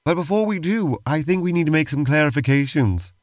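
A man's voice: fairly high pitch, expressive, a little fast, dry recording. Dry, exasperated podcast co-host man. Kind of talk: playful role-play banter.

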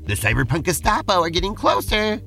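Man, podcast co-host, chatty and playful, animated pitch. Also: fairly quick, gravelly, soft background music. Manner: enthusiastic, talky, uses "like" a lot. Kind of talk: playful role-play banter.

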